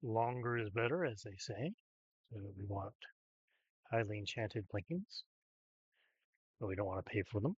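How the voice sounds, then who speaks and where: A man casually commenting over his own gameplay, rambling and hesitant with frequent pauses and restarts. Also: fairly low pitch, lively intonation, dry recording, muffled recording. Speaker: gameplay streamer.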